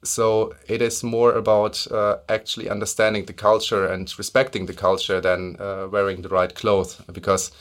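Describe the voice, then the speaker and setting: Male guest, low voice, measured and chatty. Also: flat delivery. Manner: thoughtful, many fillers, explains at length. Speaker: podcast guest, engineer. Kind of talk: casual conversation.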